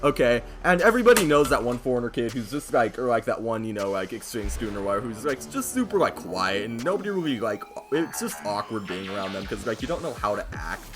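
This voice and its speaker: A young American man telling a story-time vlog, loud and hyped, often yelling into a close microphone. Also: medium pitch, very animated, quick pace, hardly any pauses, music in the background. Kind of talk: casual storytelling.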